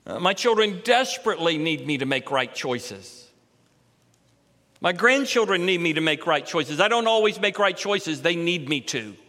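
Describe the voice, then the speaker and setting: A middle-aged man delivers an expository sermon from the pulpit. His voice sits high and bright, and it climbs and swells when he stresses a line. Long reverb from the sanctuary trails each phrase. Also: very animated, moderate pace. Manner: expository preaching, rising in pitch and force for emphasis. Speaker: pastor.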